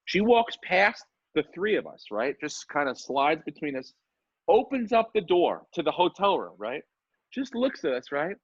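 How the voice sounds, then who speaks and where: A man on a podcast, telling a story with a voice that is a little high and swoops up and down all the time. He swears freely and puts on the voices of the people in his tale. The sound is dull and lo-fi, as if sent over an internet call, and it is very dry. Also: normal speed, husky, dry recording. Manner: animated, swearing, acts out voices in his stories. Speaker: podcast co-host. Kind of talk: casual storytelling chat. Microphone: remote call mic.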